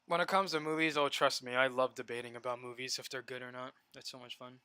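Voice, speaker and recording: A young adult man talking casually on a live stream while gaming, rambling and animated, full of "like" and stop-start restarts. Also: mid-range voice, fast talker, clean tone, dry recording. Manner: rambling and animated, heavy use of "like" and repeated restarts.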